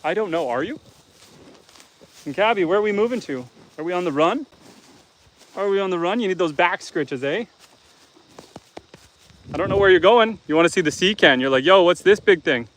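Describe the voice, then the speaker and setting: Easygoing Canadian homesteader chatting outdoors. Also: male voice, high-pitched, animated, moderate pace, pauses often, a bit bright, rough recording. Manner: easygoing, chatty, teasing viewers. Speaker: homestead livestreamer. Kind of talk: casual live-stream chat reading viewer comments. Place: outdoors on a farm with animals.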